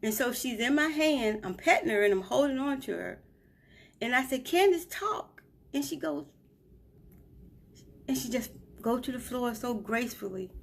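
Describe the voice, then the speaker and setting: Emotional woman recounting, slightly high voice. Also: moderate pace, pauses often. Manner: emotional, repetitive, asks "right?" often. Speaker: host, grieving mother. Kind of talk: live stream storytelling. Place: hotel room.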